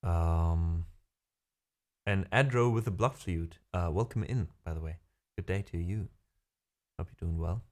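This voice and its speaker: A man's voice: low-pitched, unhurried, pauses often, a little mellow. Man chatting casually on stream. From Germany. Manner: rambling, hesitant, many fillers. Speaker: livestream host. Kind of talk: casual chat with viewers. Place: home room.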